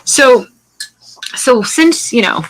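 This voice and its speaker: A woman's voice: sits high, lively intonation, slow, a bit bright, a little hiss or hum, poor audio. A middle-aged woman chatting casually while she paints on a live stream, rambling with many restarts and answering viewer comments.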